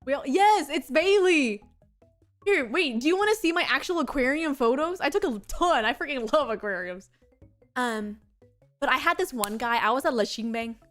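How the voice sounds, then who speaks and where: A high-pitched young woman rambles through a casual streaming chat, bubbly and excitable, with "like" in nearly every sentence. Faint music plays quietly behind her. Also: normal speed. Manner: excitable, rambling, heavy use of "like". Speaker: VTuber streamer.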